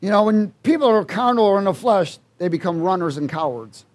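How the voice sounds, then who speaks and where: Male preacher, high pitch, call-and-response sermon, loud exhortation and soft asides. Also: expressive, fairly quick. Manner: swings between loud exhortation and quiet asides.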